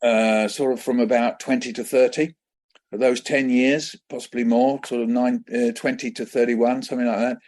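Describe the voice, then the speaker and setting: A man in his seventies from England, a children's poet guest telling lively anecdotes in an interview and acting out the voices in them. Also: medium pitch, normal speed. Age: 70s. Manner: lively anecdotal storyteller who acts out voices. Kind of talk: conversational storytelling interview.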